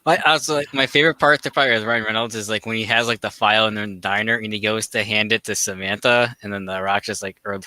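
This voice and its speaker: A man co-hosting a casual movie podcast, talking in halting bursts with many fillers. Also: fairly low pitch, steady tone, pushed and bright, no echo. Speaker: podcast co-host.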